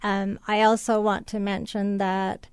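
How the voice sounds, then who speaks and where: Guest: middle-aged woman, even-pitched, smooth clear voice, halting and tearful delivery. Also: dry recording. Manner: tearful, halting, many fillers. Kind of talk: emotional personal story.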